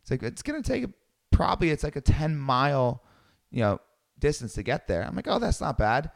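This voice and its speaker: A man telling a personal travel story in a lively way, acting out the people he quotes. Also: medium pitch, fairly quick, creaky. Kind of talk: storytelling talk.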